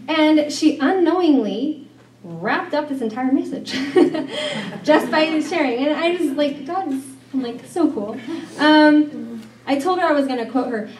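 A woman's voice: fairly high pitch, darkish tone, slight background noise. A middle-aged woman leading a women's Bible study, talking in a chatty, rambling way with fillers and restarts. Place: church meeting room. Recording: echoey room from far off.

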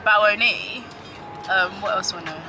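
A woman's voice: mid-range voice, expressive, normal speed, music in the background. A young woman chatting playfully with a friend, teasing and breaking into laughter often. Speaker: friend on the trip. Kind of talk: casual chat among friends.

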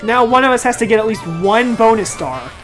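A woman's voice: fairly high pitch, animated, a little fast, poor audio. A woman hosting a casual video game session, melodramatic and mock-furious, laughing through her rants. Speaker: host of a gaming series. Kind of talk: casual gaming commentary. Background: game music.

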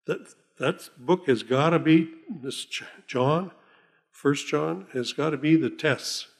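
An older man preaching a sermon as pastor, folksy and rambling, often chuckling and slowing down to read scripture aloud. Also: on the high side, creaky. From Oklahoma.

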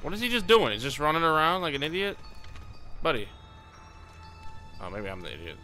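A man's voice: on the high side, huge pitch swings, fairly quick, pushed and bright, faint music behind. A man giving casual, jokey commentary on a game he is playing, talking to his viewers and now and then putting on silly voices. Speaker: gaming YouTuber.

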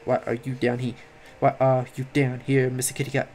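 A tired young man giving late-night game commentary, rambling, swearing and yelling at the game. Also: medium pitch, monotone, brisk, slight background noise. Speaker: gaming commentator.

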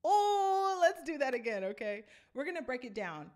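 An enthusiastic woman teaching a singing lesson, her speaking voice fairly high and full of swoops. She talks students through vocal runs and breaks into sung phrases to show them. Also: big pitch swings, brisk. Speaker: vocal coach.

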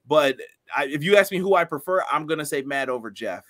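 A man's voice: on the high side, expressive, brisk, a bit bright. A man co-hosting a casual wrestling review chat, laughing often and reading out viewer comments. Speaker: podcast co-host.

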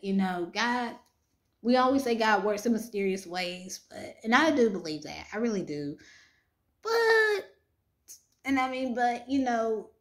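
A young woman, casually chatting with her viewers in a home vlog, full of fillers and restarts. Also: on the high side. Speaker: Christian romance author vlogging. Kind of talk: casual chat. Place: bedroom at home.

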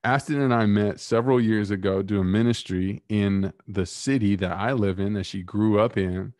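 A man with a lowish voice hosts a casual podcast over a video call. His sound is dry and close, and he talks in a playful, hype-man way when he introduces a guest. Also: normal speed, a little mellow, no echo. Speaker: podcast host.

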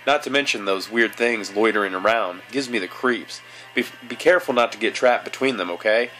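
A man reading a gentle, protective young man. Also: on the low side, fairly quick, faint music behind. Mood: calm. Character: protective young man companion, polite, calm. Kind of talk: reading game dialogue aloud.

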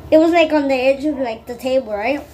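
A woman talks casually to her viewers in a high voice, wandering from one aside to the next. Her speech is loose and full of fillers. A faint hum of ambience sits behind her. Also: fairly quick, darkish tone. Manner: rambling, many fillers and asides. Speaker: vlogger. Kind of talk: casual chat to camera.

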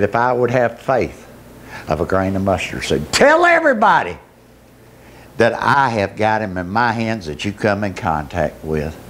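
A middle-aged man preaching his testimony as a pastor, telling his story with emotion that climbs into shouting. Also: on the low side, slight background noise. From Georgia, US. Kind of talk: testimony sermon.

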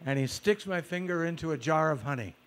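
A man with a somewhat high-pitched voice tells stories from his own life to a gathering. He talks in a loose, conversational way, with fillers and restarts. He brings the scenes to life by vocalizing footsteps. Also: fairly quick. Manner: animated storyteller who mimics footsteps with vocal sounds; conversational, with fillers and repeated starts. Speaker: speaker recounting personal stories. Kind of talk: storytelling lecture.

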